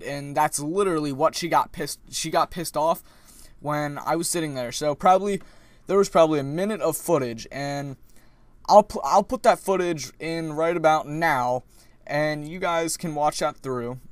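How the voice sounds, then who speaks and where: A young man vlogging casually, retelling a story in a rambling, animated way with many restarts. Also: on the high side, no room sound.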